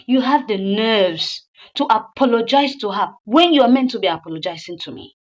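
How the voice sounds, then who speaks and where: Lady doing a furious wife yelling at her cheating man, shrill and high, kinda dull lo-fi audio. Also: animated, moderate pace. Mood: scornful. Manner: shrill scolding, high and loud.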